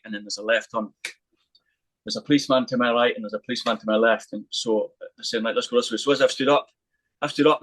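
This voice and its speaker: Fast-talking man telling a story. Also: mid-range voice, no echo, low-quality recording. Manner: swearing, animated anecdote with quoted voices. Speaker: podcast guest. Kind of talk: casual storytelling.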